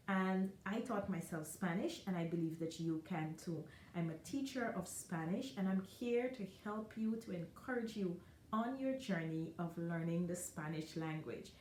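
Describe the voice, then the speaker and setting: A woman who teaches Spanish, giving a careful online lesson and repeating each word slowly for the learner. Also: fairly low pitch, a little mellow, roomy sound, slight background noise. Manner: slow, careful, encouraging, repeats words.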